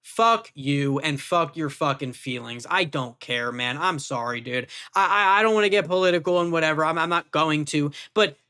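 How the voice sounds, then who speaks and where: Super hyped tv reviewer, bright ringy voice, swears a lot, keeps saying how good it is. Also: mid-range voice, moderate pace, few pauses, clean tone. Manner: animated and gushing, swears freely, repeats itself. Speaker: TV show reviewer. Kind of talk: casual excited review talk.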